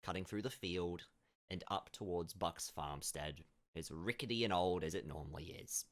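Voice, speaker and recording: A man's voice: sits low, normal speed. A man narrating as game master in a casual, meandering way, with lots of fillers and restarts.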